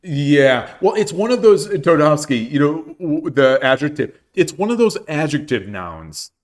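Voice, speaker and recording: A man's voice: on the high side, very animated, measured pace. Rambling man, casual streamer. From United States. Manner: rambling, many restarts and fillers. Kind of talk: casual livestream chat.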